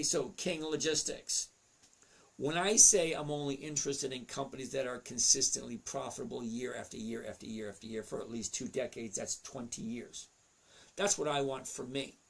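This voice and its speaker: A man with a creaky, husky, medium-pitched voice hosts a casual livestream and answers chat. He's chatty, reading out viewers' names and questions and muttering to himself as he looks over charts.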